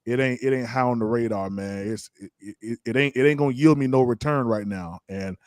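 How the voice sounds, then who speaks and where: A man hosting a podcast, talking casually and a little haltingly, repeating words as he goes. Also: mid-range voice, no room sound, clean studio sound. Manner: relaxed, repeats words, laughs easily. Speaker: podcast host. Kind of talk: casual live-stream chat.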